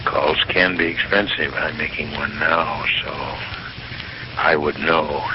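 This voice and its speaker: A man playing a sulky friend who complains slowly about being forgotten, in a guilt-tripping message. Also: extremely low pitch, steady tone. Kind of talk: crank call on an answering machine. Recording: hissy lo-fi answering machine tape.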